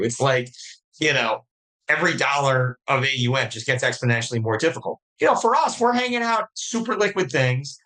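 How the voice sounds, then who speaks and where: A man with a bright, forward voice, speaking as a guest on a podcast. He talks casually in energetic bursts, restarting sentences and acting out quick quotes. His pitch sits at an ordinary middle height. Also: poor audio. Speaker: podcast guest, fund manager. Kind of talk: casual interview talk.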